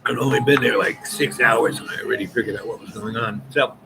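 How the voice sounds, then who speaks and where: A man telling a rambling personal anecdote, halting often and restarting his sentences. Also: medium pitch, steady tone, background noise. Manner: halting, many restarts and repeated words. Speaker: storyteller. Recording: voice over clear background music.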